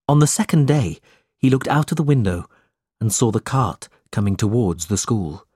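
A man narrating a storybook chapter slowly and deliberately, with expressive reading. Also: lowish voice, slightly rough, dry recording, clean studio sound. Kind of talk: slow audiobook narration for learners.

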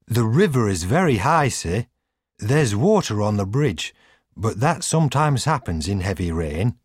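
A man voicing a loyal, gentle coachman who speaks respectfully and earnestly. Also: lowish voice, very animated, takes it slowly, husky, no echo, studio quality, full character voice.

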